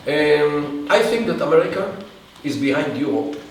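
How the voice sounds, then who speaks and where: A man answering an audience question in a halting lecture style, with many restarts and pauses. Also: fairly high pitch, animated. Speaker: guest speaker. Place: event hall. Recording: echoey room from far off, faint hiss.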